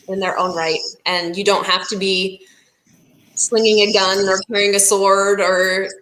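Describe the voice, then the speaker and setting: A woman author talking casually about her writing, thoughtful and pausing often. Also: medium pitch, a bit bright, roomy sound, slight background noise, poor audio. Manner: thoughtful, many "um" pauses.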